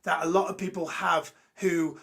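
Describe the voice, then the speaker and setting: A man's voice: high voice, flat delivery, normal speed, creaky, fairly bright tone. A man from Birmingham hosting a live motivational show, blunt and ranty, swearing freely and joking with viewers. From Birmingham, England. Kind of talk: unscripted motivational talk to a live chat.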